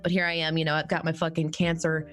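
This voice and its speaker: Chatty, animated woman in a casual Q&A. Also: sits low, quick pace, soft background music. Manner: rambling, animated, swears freely, lots of fillers. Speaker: actual-play podcast cast member. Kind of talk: casual live Q&A chat.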